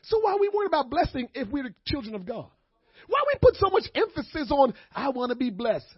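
A man, preaching a sermon to his congregation, dropping to low murmurs and then rising to shouted preaching. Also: sing-song, quick pace, dry recording. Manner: calls out to the congregation. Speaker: pastor. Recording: dull, lo-fi sermon audio.

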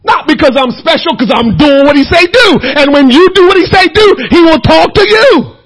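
A man delivers a fiery sermon. He shouts and cries out, then sinks to hushed tones. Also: extremely high pitch, lively intonation, normal speed, low-quality recording. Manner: shouting, crying out, swinging from loud to hushed. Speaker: preacher.

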